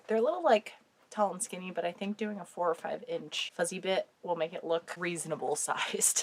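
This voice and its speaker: A woman's voice: lowish voice, gravelly, a little hiss or hum. A woman with a cold and a sore throat, chatting casually through a home sewing project, with dry jokes and casual swearing. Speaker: sewing vlogger. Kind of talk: casual craft vlog chat.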